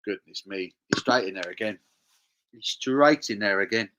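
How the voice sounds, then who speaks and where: English bloke running a music quiz on a livestream, chatty banter, says everything twice. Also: male voice, lowish voice, moderate pace, noisy background. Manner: banter-heavy, repeats phrases, reads out chat. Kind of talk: casual livestream chat.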